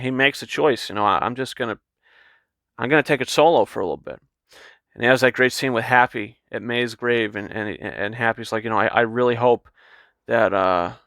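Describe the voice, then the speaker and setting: A man giving a casual, excited film review, rambling and repeating words as he retells scenes. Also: medium pitch, vocal fry, no echo.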